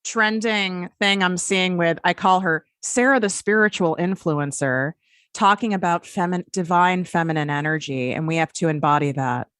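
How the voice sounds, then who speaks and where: Bright-voiced woman podcast host. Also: lowish voice, moderate pace, clean tone, no room sound, studio quality. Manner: chatty, giggly. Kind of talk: casual podcast interview.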